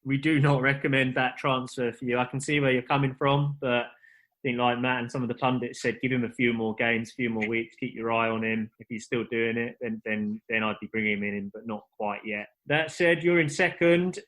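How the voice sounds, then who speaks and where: A man's voice: mid-range voice, steady tone, brisk, fairly bright tone. A man hosting a casual football podcast, jokey and upbeat as he reads out league standings. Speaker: podcast host.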